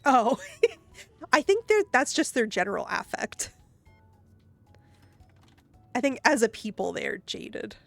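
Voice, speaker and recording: A woman's voice: fairly high pitch, big pitch swings, slow, gravelly, long pauses, no room sound, soft background music. A woman with a Midwestern American accent touched with Southern, chatting casually on a live stream, reading viewer comments and giggling often. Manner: chatty, giggly, thinking aloud.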